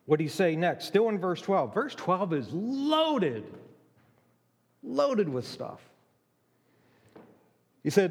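A man preaching a sermon, emphatic, with dramatic pauses and acted-out quotes. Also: high-pitched, sing-song, big-room sound.

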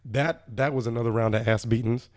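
A man's voice: mid-range voice, fairly even intonation, a little fast, darkish tone. A man guesting on a casual podcast, earnest and emphatic, building his points with rising stress. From Virgin Islands family background.

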